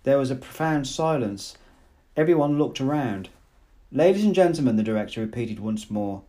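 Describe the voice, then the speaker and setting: A man narrating a novel aloud in a measured, dramatic way. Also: medium pitch, dark tone. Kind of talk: audiobook reading of a novel.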